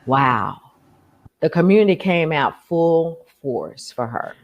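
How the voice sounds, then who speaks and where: A woman with a lowish voice speaks on a casual podcast. She tells her stories with firm emphasis and drops in a "honey" or a "darling". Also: very animated, slow pace, highs cut off. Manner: emphatic, storytelling, calls people honey and darling. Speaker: podcast guest.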